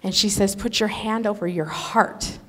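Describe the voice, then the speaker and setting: A woman telling an emotional religious testimony in an earnest, animated storytelling manner. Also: medium pitch, normal speed. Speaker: speaker sharing a testimony. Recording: echoey hall.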